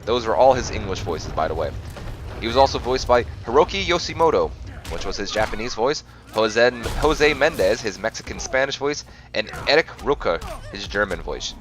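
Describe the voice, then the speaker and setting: A man's voice: lowish voice, animated, normal speed, music in the background. A man hosting a game playthrough, reading facts aloud and often stumbling and correcting himself. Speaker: gaming channel host.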